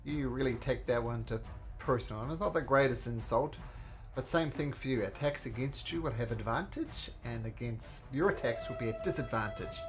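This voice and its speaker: A man narrating as game master in a tabletop game, describing attacks and rolls in a lively way. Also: mid-range voice, normal speed. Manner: lively, voices monsters and reads out rolls. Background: background music.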